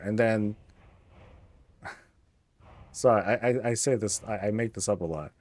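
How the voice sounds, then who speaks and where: A man's voice: fairly low pitch, measured pace, pauses often, a little mellow, no echo. A man streaming, chatting casually, rambling and joking, swearing freely. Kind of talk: casual chat.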